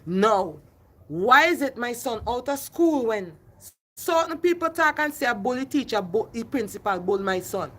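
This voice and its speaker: High-voiced woman ranting on a livestream. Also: very animated, moderate pace, fairly bright tone. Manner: impassioned, repetitive, addresses viewers by name. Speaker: livestream host.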